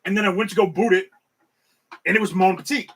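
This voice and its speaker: A man with a high, bright, slightly husky voice, chatting casually as a podcast co-host. He tells stories with a grumbling, self-deprecating humor. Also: fairly even intonation, fast talker, poor audio. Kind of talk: casual chat.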